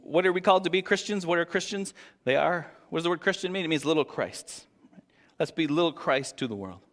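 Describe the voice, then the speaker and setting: A male pastor preaching a casual sermon, often asking the congregation questions and swinging between loud and soft. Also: mid-range voice. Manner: conversational, asks the congregation questions, lively swings in loudness. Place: church hall. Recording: long church hall reverb.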